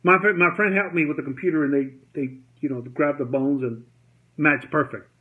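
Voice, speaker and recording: A man's voice: fairly high pitch, moderate pace. A man delivering an angry personal rant to camera, repeating himself, swearing and retelling what others said. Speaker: vlogger. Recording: dull lo-fi audio.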